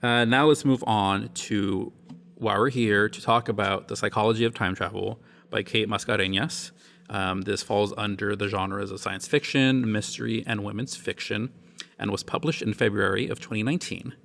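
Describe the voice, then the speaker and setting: A man's voice: on the low side, steady tone, moderate pace, creaky, a bit bright. A man hosting a book podcast, chatting casually and laughing often. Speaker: podcast host.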